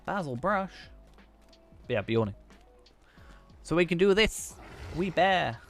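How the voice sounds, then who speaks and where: A man's voice: a little high, lively intonation, slow pace, soft background music. A man streaming a game, chatting casually and thinking aloud in a rambling, self-mocking way. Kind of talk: casual gameplay chat.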